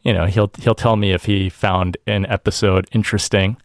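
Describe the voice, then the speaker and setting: A man's voice: fairly low pitch, little pitch movement, moderate pace, no room sound, studio quality. A man hosting a podcast and chatting casually, laughing often and acting out what family members say. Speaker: podcast host. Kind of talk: casual chat.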